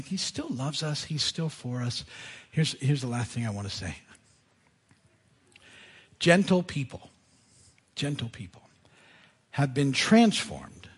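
A man preaching to his church, retelling scripture with lively asides. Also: medium pitch, slightly rough. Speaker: pastor. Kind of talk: sermon. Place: church sanctuary.

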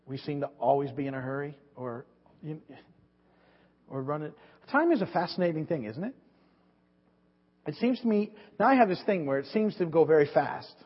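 A man delivers a rambling sermon in a slightly husky voice, pitched a little high for a man, often stumbling over and repeating his words. His voice rings out in a big reverberant hall. The recording is dull and lo-fi. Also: lively intonation, normal speed, long pauses. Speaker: pastor.

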